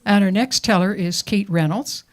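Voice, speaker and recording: A woman's voice: mid-range voice, moderate pace. Woman host introducing a teller. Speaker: event host. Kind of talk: introducing a storyteller.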